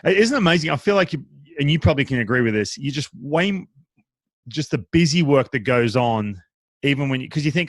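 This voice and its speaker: An Australian man in his thirties hosting a casual podcast interview, talking quickly with many restarts. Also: mid-range voice, no room sound. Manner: quick, animated, trips over restarts. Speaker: podcast host.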